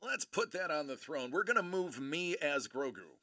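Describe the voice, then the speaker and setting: A man hosting a livestream, giving excitable, playful commentary as he opens trading card packs into a streaming mic. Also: a little high, normal speed, dry recording, studio quality. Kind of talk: live card-break commentary.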